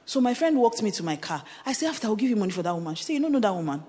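Speaking rapid-fire in a sing-song, medium-pitched voice, a woman pastor with a Nigerian accent gives a testimony-filled sermon. She laughs, slips into pidgin, and shouts at times, all echoing through a reverberant conference hall.

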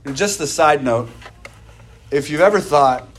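A man preaching a sermon, who talks in an animated way and acts out gossiping voices. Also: a little high, unhurried. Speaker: pastor.

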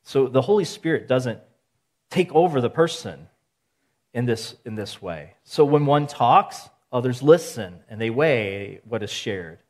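Man preaching with rhetorical questions. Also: mid-range voice. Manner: measured teaching with rhetorical questions; steady, counts points aloud. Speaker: pastor. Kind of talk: sermon.

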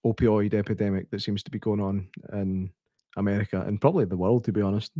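A man's voice: lowish voice, steady tone, fast, warm tone, no room sound. A man with a Scottish accent co-hosting a film review podcast, speaking thoughtfully and hesitantly, with frequent ums. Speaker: podcast co-host. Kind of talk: casual film review chat.

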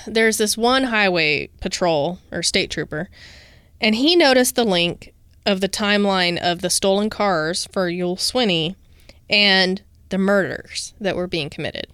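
A woman's voice: mid-range voice, a little slow, a bit bright, smooth, no echo. Female podcast co-host, clean resonant voice, dry close mic, casual true-crime storyteller. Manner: reads researched notes, breaks into casual asides.

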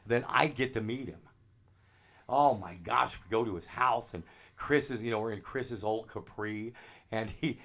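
A middle-aged man, a drummer, telling animated anecdotes in a casual interview. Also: mid-range voice. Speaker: drummer guest.

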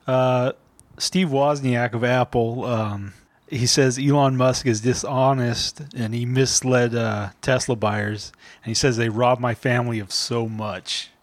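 A man on a casual podcast, walking his friends through a news story. He often breaks into small chuckles mid-sentence. His pitch is medium for a man. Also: fairly even intonation, a little slow, no room sound. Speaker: podcast co-host. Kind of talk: casual chat.

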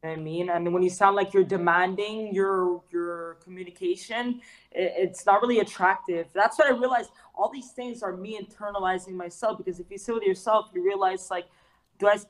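A woman's voice: medium pitch, fairly even intonation, brisk. Female guest, earnest and reflective, filler-heavy casual talk. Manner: earnest, reflective, many "like"s and "you know"s. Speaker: interview guest. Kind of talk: casual interview chat.

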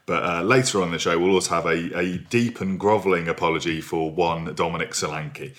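Young male podcast host from Berkshire, very low voice, dry self-mocking humour. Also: fairly even intonation, a little fast. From Berkshire, England. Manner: jokey, self-mocking, trails off quietly. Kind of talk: casual banter podcast. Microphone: remote recording.

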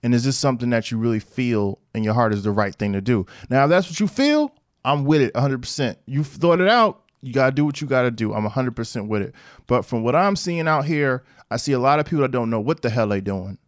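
A man hosting a podcast, telling a personal story in a loose, slangy, animated way. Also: mid-range voice, fast, no echo, studio quality. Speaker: podcast host. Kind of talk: casual monologue.

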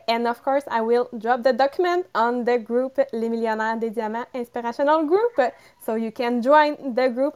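A cheerful woman with a French accent co-hosts a live podcast, giggling as she walks listeners through tips. Her voice is high and smooth, with clear, resonant tone. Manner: cheerful, giggly, reads points off a list. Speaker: podcast co-host. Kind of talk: casual live podcast talk.

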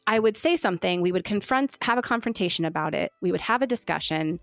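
A woman telling her own story in casual conversation, candid and animated, now and then slipping into the voices of the people she quotes. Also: lowish voice, fast talker, vocal fry, no echo, soft background music. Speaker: guest sharing her story.

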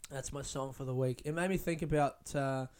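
A man's voice: medium pitch, fairly even intonation, brisk, a little mellow, smooth. A man hosting a casual solo podcast, rambling in a profane, self-mocking way. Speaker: podcast host. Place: London, UK.

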